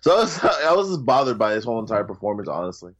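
A man reviewing a movie in casual chat, blunt and slangy, with quick asides. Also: fairly low pitch, big pitch swings, fairly bright tone.

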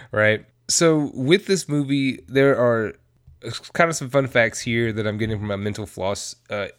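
A man hosts a podcast and retells a movie plot in a loose, unscripted way. He drops in lots of fillers and curses freely. His pitch sits in the middle range for a man. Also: takes it slowly. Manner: profane, laid-back retelling with many fillers. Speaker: podcast host. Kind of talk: casual movie recap.

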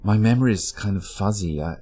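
A shaken, traumatized young man in a tabletop horror game, talking in halting, stammering bursts, as the man running the game voices him. His voice sits very low, with a dazed, uncertain way of speaking. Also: mellow, breathy edge, faint music behind.

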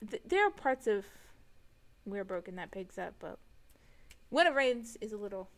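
A woman's voice: mid-range voice, very animated, normal speed. A woman co-hosting a podcast in casual chat, a little tipsy, hesitant and stuttering with many ums. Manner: hesitant, stuttering and umming a lot. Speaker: podcast co-host.

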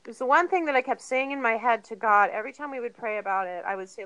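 Brief: woman in her thirties, earnest and chatty guest, bright tone, fairly high voice. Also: quick pace, hardly any pauses, no room sound, low-quality recording. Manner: earnest, chatty, animated retellings with laughs. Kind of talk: candid personal storytelling.

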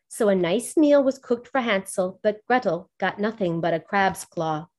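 A woman storyteller reading a fairy tale aloud in a measured, expressive way. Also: medium pitch.

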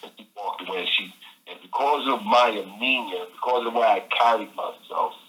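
Animated man over a phone line. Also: lowish voice, brisk. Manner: animated, repeats phrases, says "man" often. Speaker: interview guest. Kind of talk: casual storytelling.

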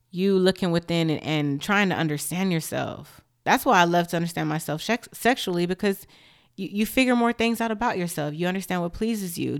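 A young woman with a low, deep-set voice hosts a casual podcast. She rambles candidly, leaning on filler words, and sounds high. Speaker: podcast host. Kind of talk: casual chat.

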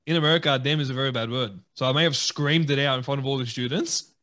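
A man co-hosting a podcast, telling a story in a casual, animated way and laughing often. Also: mid-range voice, fast. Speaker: podcast co-host.

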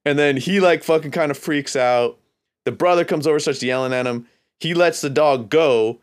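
A man with a smooth, resonant voice tells a story on his podcast. He rambles along in a casual, laid-back way and swears freely. His pitch sits in an ordinary middle range. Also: animated, moderate pace. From California, USA. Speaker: podcast host.

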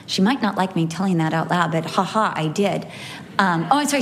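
A woman's voice: fairly low pitch, fairly quick, a little hiss or hum. Emotional woman in her fifties telling stories. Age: 50s. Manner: emotional storytelling with animated quoted voices. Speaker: Bible teacher. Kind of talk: women's Bible teaching talk.

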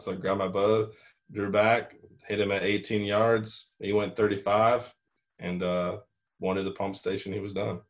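Young male storyteller, lowish voice, rambling casual delivery. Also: level tone, normal speed. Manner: rambling, frequent "like" and "you know", swearing. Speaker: hunter telling a story.

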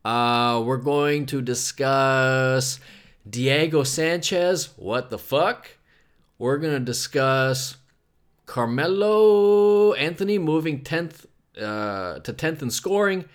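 A young man runs a solo comedy podcast and talks in a loose, rambling way. He swears freely and jumps from loud outbursts to low mutters. His voice sits in the middle of the male range. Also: expressive, slow pace, clear, resonant tone. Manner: rambling, profane, swings between loud bursts and mumbling. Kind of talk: casual solo podcast rant.

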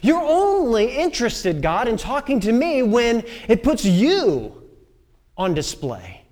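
Male preacher voicing an anguished prophet, high voice, pleading questions. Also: huge pitch swings, slow pace, a little mellow, full character voice. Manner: plaintive, questioning.

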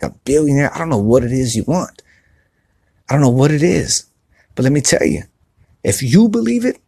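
A man hosting a podcast, giving earnest, repetitive motivational talk in a soft voice, recorded on his phone outside on a patio. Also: mid-range voice, creaky, slightly rough, dry recording, studio quality. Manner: earnest, repetitive, restarts often; speaking softly. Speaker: podcast host. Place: outdoor patio by a pool at night.

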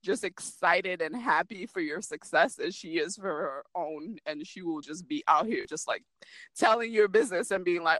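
A woman co-hosting a podcast in casual chat, an animated storyteller who laughs a lot. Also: fairly low pitch, normal speed, dry recording, low-quality recording. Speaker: podcast co-host and writer.

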